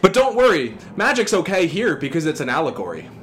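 Animated, ranting male podcast co-host. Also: on the high side, brisk, slight background noise. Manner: animated, swearing, ranting with comic exasperation. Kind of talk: casual chat.

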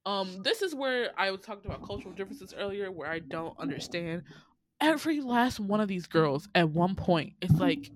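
A woman casually recapping a dating show on a podcast, animated, laughing and playfully exasperated as she tells it. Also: mid-range voice, moderate pace. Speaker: podcast host.

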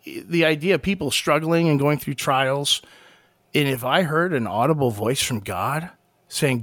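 A man's voice: fairly high pitch, fairly bright tone, no room sound. A man co-hosting a podcast, debating casually with many restarts and frequent laughs. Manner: halting, many restarts and fillers, laughs often. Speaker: podcast co-host.

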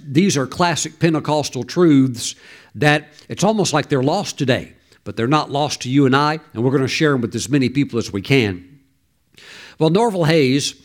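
A middle-aged male pastor preaching a sermon, telling stories and urging his listeners on with fervor. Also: mid-range voice. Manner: storytelling preacher who exhorts and laughs loudly.

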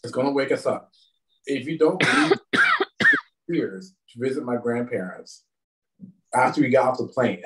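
A man's voice: medium pitch, distant mic, poor audio. A Southern American man chats casually as a podcast guest, laughing as he tells his stories in slangy turns of phrase. His mid-range voice rises and falls a great deal. He sits a little back from the microphone. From Southern United States. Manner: laughing, slangy, quick anecdotes. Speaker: professional wrestler guest.

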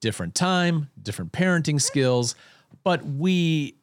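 A man's voice: fairly high pitch, expressive, a little slow. A man in casual conversation, telling a self-deprecating childhood story with lots of restarts.

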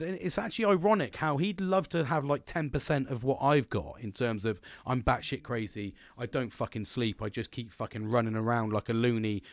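In his thirties, this man hosts a solo motivational podcast, speaking at a medium pitch with no echo. He talks energetically, rambles, and swears often.

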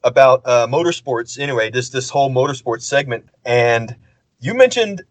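Relaxed podcast guy, lots of uhs and you knows, dry close sound. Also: medium pitch, normal speed, dry recording. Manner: easygoing, relaxed, many fillers like "uh" and "you know". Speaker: podcast co-host. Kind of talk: casual chat.

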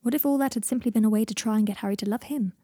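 A woman reads the story aloud in an even, gentle way, her voice mellow, warm and a little husky. The recording is close and dry, with no room around it. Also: a little high, very fast, dry recording. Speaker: audiobook narrator. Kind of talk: fan fiction audiobook narration.

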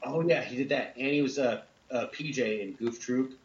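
Laid-back male co-host in a roomy space. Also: mid-range voice. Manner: laid-back, halting, many fillers and laughs. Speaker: podcast co-host. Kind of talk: casual chat. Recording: roomy, dull lo-fi sound.

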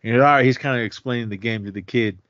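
A man on a movie podcast walks through a scene in easygoing chat, breaking into laughs and acting out the characters' lines. His voice sits at an ordinary pitch. The audio is dry and a little dull, a lo-fi recording. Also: racing, no room sound. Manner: laughs often, animated retelling of scenes. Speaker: podcast co-host. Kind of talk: casual movie recap chat.

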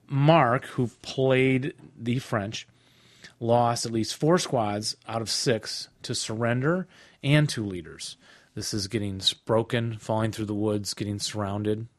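A man's voice: medium pitch, slow pace, dry recording. Podcast co-host, man, casual chatty delivery, dry close sound. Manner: chatty, laughs often, reads rules off cards. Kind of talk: casual chat about wargaming.

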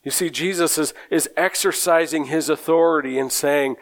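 A man preaching a sermon in a slow, earnest way, often repeating words as he gathers his thoughts. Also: a little high, gravelly.

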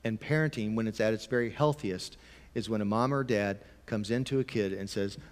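Man preaching in a reverberant hall. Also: fairly quick. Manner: conversational, emphatic preaching with sudden drops to a quiet, low voice. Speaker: pastor. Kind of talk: sermon.

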